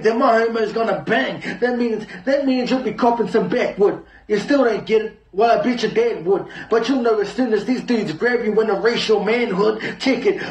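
High-voiced man spitting battle rap. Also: echoey room, slight background noise. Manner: taunting, rapid-fire insults. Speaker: battle rapper. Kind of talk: aggressive battle rap verse.

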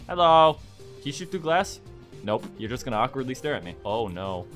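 A man's voice: mid-range voice, sing-song, fairly quick, fairly bright tone, soft background music. A man hosting a co-op game video, chatting casually, teasing his friend, swearing freely and laughing often. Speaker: gaming channel host. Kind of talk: casual co-op gameplay commentary.

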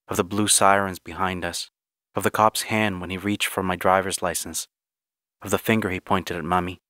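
A man narrates a short story in the first person with a wry, gritty edge. His voice sits low and the recording is close and dry, with no room sound. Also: pushed and bright, no room sound.

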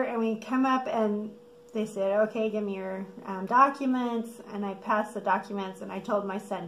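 A woman's voice: mid-range voice, normal speed, a little hiss or hum. Chatty American woman in an echoey room. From United States. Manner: animated, acts out quotes, laughs often. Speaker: vlogger. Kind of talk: casual storytelling.

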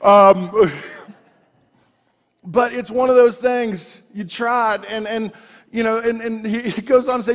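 A man preaching a sermon, telling personal stories in an animated way with frequent restarts, in a church sanctuary. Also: high voice, moderate pace. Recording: long reverb of a large room.

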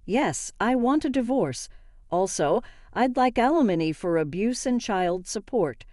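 A woman's voice: medium pitch, animated, measured pace, a little mellow, no echo, studio quality, voice pushed up, lightly acted. A woman voicing a composed young wife who answers her husband coolly and cuttingly in a story. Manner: cool, cutting.

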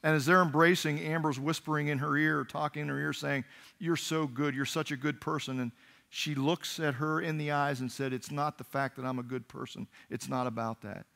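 Gravelly-voiced pastor preaching earnestly. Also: male voice, fairly high pitch, steady tone, bright, forceful tone. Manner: earnest storytelling with halting restarts. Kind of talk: sermon. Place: church sanctuary.

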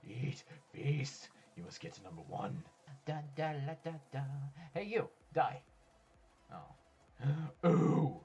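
A man doing casual let's-play commentary, excitable, swearing and talking to other players, swinging from low mutters to sudden yells. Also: unhurried. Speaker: gaming YouTuber. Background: faint background music.

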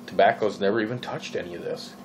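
Talking fast in a lowish register, a vlogger from Minnesota rambles casually about vaping with a Minnesotan accent, using many fillers and exasperated questions. The recording is poor and has a slight hiss or hum.

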